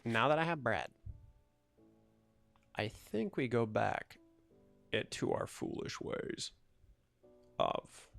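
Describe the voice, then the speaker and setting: A man's voice: medium pitch, big pitch swings, slow, creaky, long pauses, a bit bright, faint music behind. A young man chatting casually over his gameplay, rambling, joking and ranting about whatever comes up. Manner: rambling, jokey, ranting asides. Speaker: gaming YouTuber.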